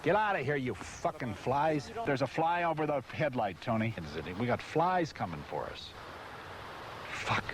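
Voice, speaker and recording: A frustrated announcer swearing nonstop and barking at the crew during a commercial recording session. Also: male voice, mid-range voice, big pitch swings, unhurried, crowd noise. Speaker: voice-over announcer. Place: recording set with hot lights and a car.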